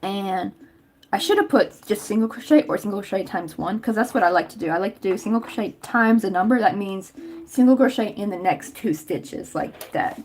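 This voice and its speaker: A woman's voice: medium pitch, fairly quick, a little mellow. Chatty Southern woman crafting on stream. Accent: Southern American. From Tennessee, US. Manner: chatty and rambling, lots of "like" and laughs. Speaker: crochet livestream host. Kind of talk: casual livestream chat while crafting.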